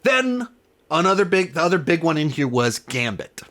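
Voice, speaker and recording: Man, fairly high voice, casual review host, enthusiastic, rambling, self-correcting. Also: very animated, normal speed, fairly bright tone. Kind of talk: casual spoiler review talk.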